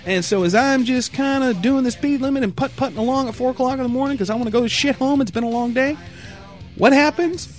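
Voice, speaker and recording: Guy with a pretty high voice going off on a sweary rambling rant, kinda tired, faint music behind. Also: quick pace. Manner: rambling, heavy swearing, animated asides. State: tired, yawning. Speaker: storyteller. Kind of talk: profane storytelling rant.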